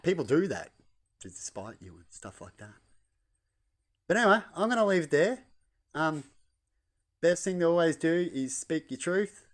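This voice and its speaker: A man's voice: a little high, very animated, normal speed, pauses often. A man talking loosely at home, repeating himself and tagging lines with "right?". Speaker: vlogger. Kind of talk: rambling casual monologue. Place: at home indoors.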